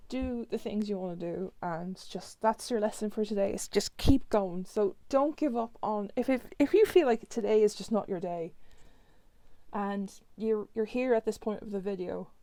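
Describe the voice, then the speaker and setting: A woman's voice: medium pitch, dark tone, dry recording. Chatty woman flipping through tarot cards. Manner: chatty, reacts to each card with quick remarks. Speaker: tarot reader reviewing a deck. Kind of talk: casual tarot deck flip-through.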